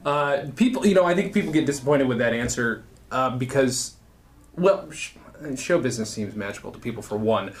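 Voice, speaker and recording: A man's voice: mid-range voice, animated, a little fast, a little hiss or hum. Laid-back male podcast host. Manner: laid-back, agreeable, frequent back-channeling. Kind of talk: casual podcast chat.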